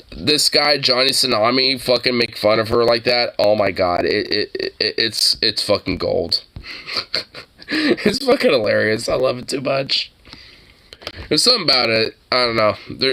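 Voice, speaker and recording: Bright-voiced, swearing streamer laughing along. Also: medium pitch. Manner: laughs a lot, swears, repeats the clip's lines back. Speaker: streamer reacting to a video. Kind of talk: casual reaction stream.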